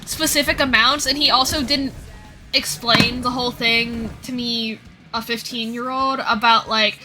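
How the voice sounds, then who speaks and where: A woman's voice: on the high side, steady tone, a little slow, bright, forceful tone, faint music behind. A woman in her twenties streaming, telling stories in a casual chat, acting out the people she quotes and sounding out of breath. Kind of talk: casual chat while gaming.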